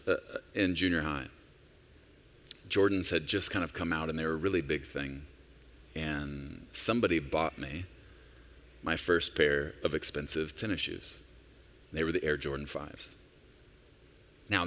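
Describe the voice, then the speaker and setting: Low-voiced pastor in his forties. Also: a bit bright. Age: 40s. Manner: conversational, personal storytelling with emphatic rises. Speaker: senior pastor. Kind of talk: sermon.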